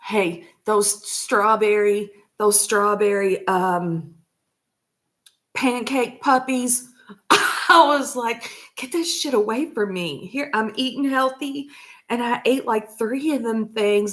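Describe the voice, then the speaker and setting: Slow-talking woman, laughing and swearing. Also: fairly high pitch, fairly even intonation, a bit bright. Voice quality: unhurried, trailing talk. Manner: laughs often, swears freely. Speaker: vlogger. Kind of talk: casual rambling chat.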